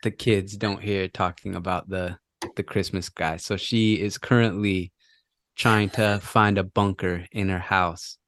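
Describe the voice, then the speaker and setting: Low-voiced man in his thirties. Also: a little slow, no echo, studio quality. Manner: relaxed, hesitant, with "like" and "uh" fillers. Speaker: podcast co-host. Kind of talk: casual chat.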